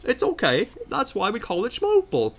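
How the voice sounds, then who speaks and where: A man doing a quick impression of a goofy foreign cartoon man in a sing-song put-on accent. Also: high voice, huge pitch swings, voice pushed up, exaggerated voice. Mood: chipper.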